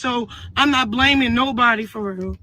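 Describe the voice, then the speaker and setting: A woman's voice: on the high side, moderate pace, pushed and bright, poor audio. A woman speaking on a livestream, rambling and earnest as she apologizes and talks about her son. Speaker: mother speaking in a livestream clip. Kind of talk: emotional livestream talk.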